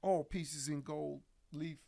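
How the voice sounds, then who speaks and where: Gravelly, animated male storyteller. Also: fairly high pitch, slow, crowd noise. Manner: animated storyteller, swears freely, laughs through his stories. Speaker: podcast guest. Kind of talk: casual storytelling interview.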